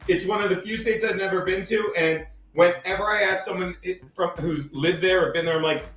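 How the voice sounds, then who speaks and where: A man's voice: high voice, a little fast, fairly bright tone. A man joining in from off camera with dry, blunt, teasing banter. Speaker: co-host off camera. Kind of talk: casual banter. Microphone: off-mic, away from the camera. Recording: distant, very echoey room with faint music.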